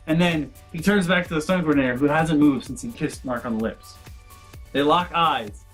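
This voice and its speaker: Man, casual vlog storytelling, animated, rambling asides, faint music behind. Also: fairly high pitch, quick pace. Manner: animated, acts out quoted voices, rambling asides. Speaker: convention vlogger.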